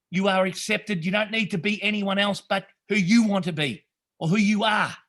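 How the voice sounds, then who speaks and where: A middle-aged Australian man, a retreat founder appearing as a podcast guest, tells his story with emotion. He's earnest and rambling, restarts often, swears a lot and keeps calling people mate. His voice sits high and sounds a bit bright.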